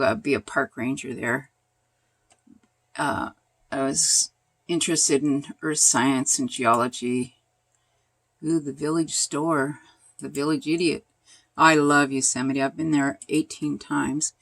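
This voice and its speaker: An older woman casually telling a personal story as a vlogger, animated and laughing, pointing things out as she goes. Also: sits low, vocal fry, dry recording.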